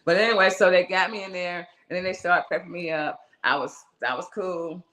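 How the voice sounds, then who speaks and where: A woman's voice: on the low side, brisk. A middle-aged woman, a guest musician, telling a personal story in an interview in a loose, conversational way, acting out the voices of the people in it. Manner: animated, acts out the voices in her story; loose, conversational, restarts and asides.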